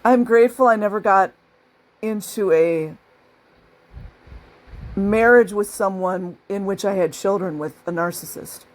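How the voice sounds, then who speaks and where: A woman talks casually straight to her viewers, chatty and easygoing. She breaks into laughter often and acts out the people she describes. Her voice sits at an ordinary middle pitch. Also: unhurried, pauses often. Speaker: channel host.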